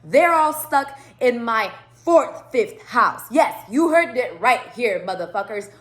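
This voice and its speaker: A woman's voice: a little high, very animated, takes it slowly, a bit bright. A woman telling a rambling story in a casual monologue, swearing a lot and stressing her words. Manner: profane, rambling, emphatic. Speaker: tarot reader.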